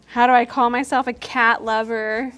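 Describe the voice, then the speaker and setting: A woman's voice: on the high side, little pitch movement, fairly bright tone. A young woman vlogger chatting and telling a story while doing her makeup, chatty and giggly. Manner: chatty and giggly, quick storytelling with quoted asides. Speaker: beauty vlogger.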